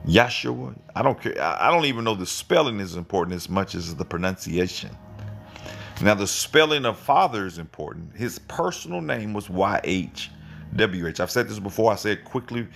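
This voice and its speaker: A middle-aged man hosting his own channel, giving an informal live Bible teaching in a rambling, repetitive way with emphatic jumps in pitch. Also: very animated, normal speed, vocal fry, fairly bright tone, soft background music. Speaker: online channel host.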